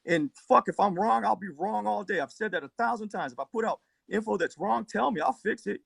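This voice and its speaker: A man arguing on a live stream speaks briskly into his phone, his fairly high voice gravelly and breathy around the edges. He swears all the time and rambles, retelling parts of his story in a worked-up way. The sound is close and dry.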